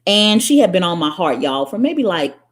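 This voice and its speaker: A woman's voice: on the low side, normal speed. Blunt, profane woman vlogger. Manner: blunt and profane, animated storytelling. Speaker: spiritual vlogger. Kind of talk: casual monologue to viewers.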